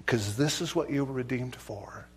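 A man preaching a sermon as pastor, emphatic and earnest, swinging between loud declarations and hushed pleading questions. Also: medium pitch, normal speed, a little hiss or hum.

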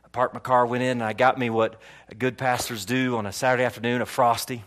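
With a mid-range voice and a quick pace, this male pastor from Florida preaches a sermon and tells a personal story animatedly. He frequently repeats words and swings between loud and hushed delivery.

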